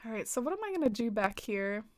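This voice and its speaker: A woman from the American South with a light, easy twang, chatting with her viewers while she plays a game. Her voice sits a little high, and her talk is loose and giggly, full of "like" and small laughs. It sounds close to a desk microphone. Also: big pitch swings, fast. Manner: chatty, giggly, filler-heavy with frequent "like". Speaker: game streamer. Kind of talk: casual stream chat, reading viewer comments.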